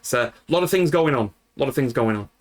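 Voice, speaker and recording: A man's voice: mid-range voice, animated, fast talker. Chatty Yorkshire man streaming. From Yorkshire, north of England. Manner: rambling, friendly, many fillers and restarts. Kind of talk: casual chat with live viewers.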